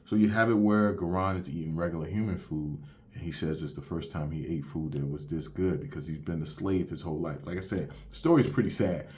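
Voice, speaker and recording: A man's voice: low-pitched, brisk, a little mellow. A young man recapping a manga chapter in loose, slangy casual talk, walking through the plot step by step. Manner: loose and slangy, retelling the plot with "you have it where". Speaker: manga reviewer.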